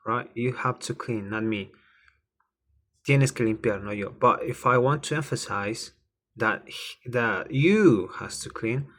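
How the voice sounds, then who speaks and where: A Spanish teacher gives a slow, repetitive language lesson, spelling out words and saying phrases again and again. His voice is medium in pitch, bright, and forceful.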